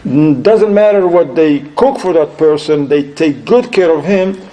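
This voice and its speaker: Animated, mellow-voiced male lecturer. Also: fairly high pitch, a little slow, rough recording. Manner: animated, acts out quoted voices, laughs often; sprinkles Arabic religious phrases into his talk. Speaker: Islamic lecturer. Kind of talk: storytelling lecture to an audience.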